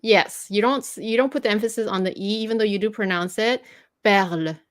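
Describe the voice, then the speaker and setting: A woman's voice: mid-range voice, fast talker. A woman with a French Canadian accent, a native French speaker, patiently explaining pronunciation in a casual livestream chat. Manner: patient, explaining with many fillers. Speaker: host teaching French pronunciation.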